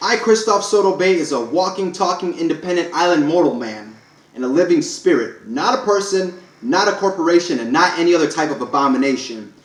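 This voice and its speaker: A man's voice: on the high side, expressive, fairly quick, reverberant, poor audio. A man reading a formal proclamation aloud to camera, stressing each clause one by one and stumbling now and then. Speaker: self-declared speaker reading a public proclamation. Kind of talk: read-aloud declaration to camera.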